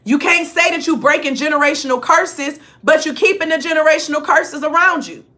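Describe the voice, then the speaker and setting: A woman's voice: high-pitched, brisk, sharp tone. A woman giving a casual spiritual reading to her viewers, talking in a direct, emphatic, chatty way and often checking in with "okay?". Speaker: spiritual reader channeling ancestor messages.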